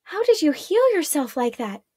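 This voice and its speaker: A woman voicing a gentle, tender mother in a storybook read-aloud. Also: high voice, expressive, normal speed, no echo, studio quality, pitched above the performer's own voice. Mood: awed.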